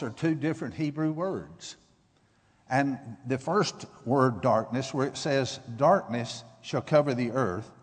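A man preaching a sermon, moving from measured teaching to loud, emphatic exhortation. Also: mid-range voice, long reverb tail. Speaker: guest preacher.

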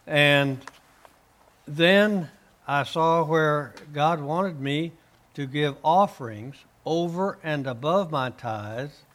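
Earnest man giving halting faith testimony. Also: a little high, fairly bright tone. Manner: earnest, halting, many uh fillers and restarts. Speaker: guest, author and minister.

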